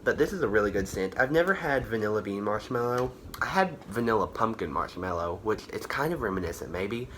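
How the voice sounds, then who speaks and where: A man's voice: fairly low pitch, expressive, fairly quick, few pauses, fairly bright tone, a little hiss or hum. A man chatting casually through a candle haul, rambling with lots of fillers and self-corrections, a bit tired and out of breath. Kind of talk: casual product review chat.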